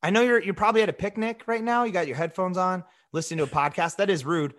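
High voiced guy cohosting a podcast, super animated, bright tone, keeps restarting sentences. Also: fast. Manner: animated, joking, frequent restarts. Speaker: podcast co-host. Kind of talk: casual podcast banter.

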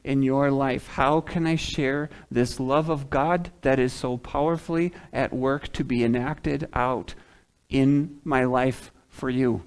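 A man preaching a sermon in a church, animated and emphatic, swinging from loud peaks to soft, low passages. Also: slow, clear, resonant tone, rough recording. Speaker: pastor. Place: church sanctuary, away from the pulpit.

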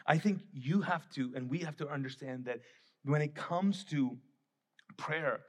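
A man from the Middle East preaches a sermon in a husky, slightly higher-than-usual voice. He talks to the congregation in a conversational, emphatic way. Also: measured pace. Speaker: pastor.

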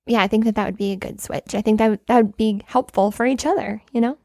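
A woman's voice: medium pitch, fairly even intonation, fast talker, a little mellow, no room sound, clean studio sound. A woman co-hosting a podcast, chatting loosely with lots of likes and you-knows. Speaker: podcast co-host. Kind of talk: casual chat.

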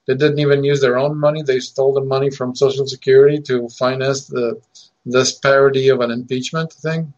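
A man's voice: mid-range voice, a little mellow, highs cut off. A man co-hosting an online talk show, giving intense opinions and often restarting his words. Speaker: co-host. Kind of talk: casual commentary.

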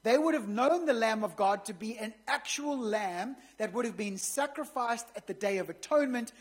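A woman's voice: fairly high pitch, husky. A woman pastor preaching a sermon in a conversational way, with joking asides to the congregation.

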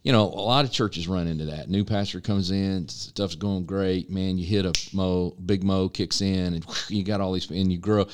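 A man's voice: low voice, fairly even intonation, moderate pace, few pauses, clean tone. A man co-hosting a casual podcast, affirming others and thinking aloud with enthusiasm. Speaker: podcast co-host.

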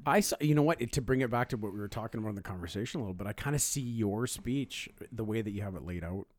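Laughing Gen X podcast host, dry room. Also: male voice, on the low side, fast talker, no echo. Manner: laughs often, swears, rambling asides. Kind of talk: casual banter.

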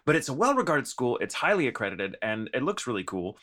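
A man's voice: mid-range voice, very animated, a little fast, pushed and bright. Man with a put-on mid-Atlantic accent. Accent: affected mid-Atlantic. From Texas. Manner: theatrical, laughs often, self-mocking. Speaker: podcast co-host. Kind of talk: casual chat.

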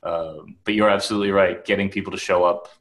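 A man's voice: deep voice, steady tone, fast, a bit bright. A man from Wisconsin co-hosting a podcast, chatting casually with lots of "like". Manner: chatty, peppered with "like". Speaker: podcast co-host. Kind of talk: casual chat.

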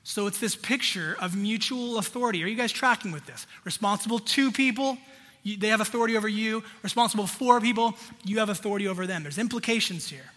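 High, bright-voiced man preaching in a hall. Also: quick pace, hardly any pauses. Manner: conversational, direct address to congregation. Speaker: pastor. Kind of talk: sermon.

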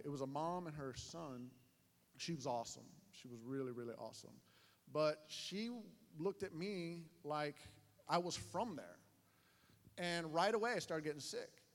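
Animated preacher telling stories in an echoing hall. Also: male voice, on the high side. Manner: animated, self-mocking storyteller with many voice changes. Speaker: pastor. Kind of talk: sermon storytelling. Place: church sanctuary. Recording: echoey hall with long reverb.

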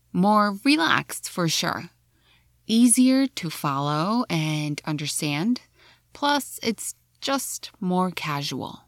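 An American woman teaching English in a calm podcast lesson, explaining points with worked examples. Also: fairly low pitch, no room sound, clean studio sound. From United States.

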